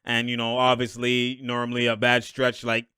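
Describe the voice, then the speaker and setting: A young man reacting live to a basketball game, excitable and slangy, laughing often and yelling at plays. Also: medium pitch, normal speed, clean tone, no room sound, studio quality.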